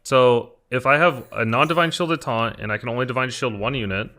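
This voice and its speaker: A man with a bright, forward voice talks through his plays on a live stream, thinking aloud and answering viewers' questions. He sits at an ordinary middle pitch. Soft lo-fi music plays faintly underneath. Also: a little fast. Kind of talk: live-stream gameplay commentary.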